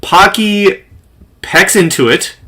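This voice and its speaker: Slow, bright-voiced male game master. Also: high-pitched. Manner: slow descriptive narration with pauses. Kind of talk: narrating a tabletop game.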